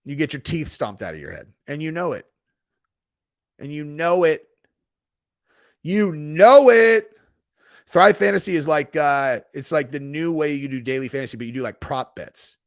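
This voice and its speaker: A man's voice: medium pitch, animated, brisk, hardly any pauses, a bit bright, no room sound. A laid-back man chats with his live audience from home and throws "dude" into nearly every line. He swears freely and keeps a mid-range voice. The recording is close and dry. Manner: profane, laid-back, says "dude" constantly. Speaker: streamer host. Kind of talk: casual live-chat stream. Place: home in Texas.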